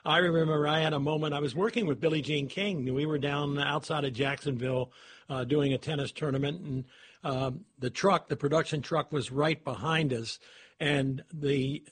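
Male sports radio host with a slightly husky, higher voice, chatting easily with his guest. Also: fairly bright tone. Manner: conversational, with fillers and restarts. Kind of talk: radio interview.

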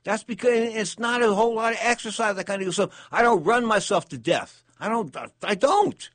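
A man's voice: sits high, animated, normal speed, a bit bright, dry recording. A man hosting a live boxing talk show, rambling through a conversational monologue in an emphatic way.

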